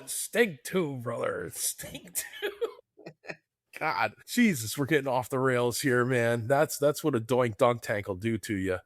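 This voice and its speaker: A man's voice: medium pitch, measured pace, dry recording, studio quality. Laid-back man laughing through wrestling stories. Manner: laid-back, laughs often, calls people man and brother. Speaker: podcast co-host. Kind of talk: casual chat.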